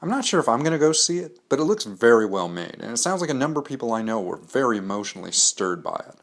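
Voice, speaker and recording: A man's voice: medium pitch, sing-song, fast talker, a bit bright. Man delivering candid scripted reviews. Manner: candid, opinionated, dryly joking. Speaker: host of a comics analysis show. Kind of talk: scripted pop-culture review monologue.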